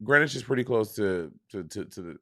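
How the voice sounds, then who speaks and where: A man's voice: on the low side, lively intonation, a little fast, fairly bright tone, dry recording, clean studio sound. A man from Saint Lucia, co-hosting a podcast in casual chat, rambling with many restarts and trailing off. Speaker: podcast co-host.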